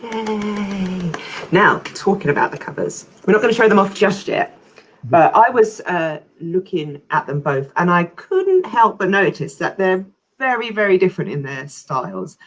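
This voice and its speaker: A woman's voice: lowish voice, big pitch swings, moderate pace. A woman hosting a live video chat, cheerful and a little hesitant as she moderates. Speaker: host. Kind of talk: casual chat. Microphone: video call.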